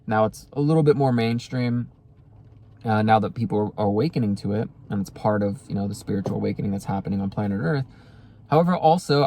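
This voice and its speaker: A man's voice: mid-range voice, darkish tone. A young man vlogging about spiritual self-help, telling a personal story casually, rambling with many fillers and acting out quoted dialogue.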